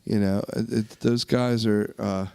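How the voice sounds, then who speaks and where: A man's voice: on the low side, steady tone, unhurried, creaky, dark tone, smooth, no echo. A man co-hosting a casual podcast, agreeing emphatically and restarting his sentences. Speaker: podcast co-host.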